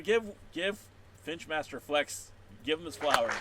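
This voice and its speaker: A man, a wrestling podcaster and blogger, hosts a playful livestream chat and reads out viewer comments, joking and breaking into sudden loud, excited bursts. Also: on the high side, slow pace, a loud crowd, very noisy.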